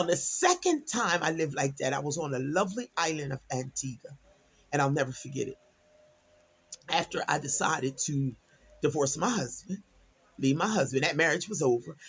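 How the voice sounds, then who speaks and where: A middle-aged Delaware woman with a low, husky voice tells a personal story like a chatty storytime vlogger. She's animated and acts out what people said with emphatic exclamations.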